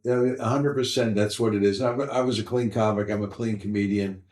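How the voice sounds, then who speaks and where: A stand-up comedian in his sixties, telling animated stories from his career in an interview. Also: lowish voice, fairly quick. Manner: animated anecdotes, mimics voices in quotes. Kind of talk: storytelling interview. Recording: roomy echo.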